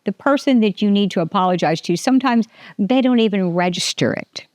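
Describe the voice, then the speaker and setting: A woman's voice: medium pitch, fairly quick, no echo, clean studio sound. An older woman hosting a casual faith podcast, rambling and restarting her sentences, often laughing. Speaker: podcast host.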